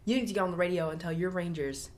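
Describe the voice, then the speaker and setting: A woman's voice: fairly low pitch, rapid-fire. A woman co-hosting a podcast, retelling a TV episode's plot step by step in casual chat, with blunt opinionated asides. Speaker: podcast co-host.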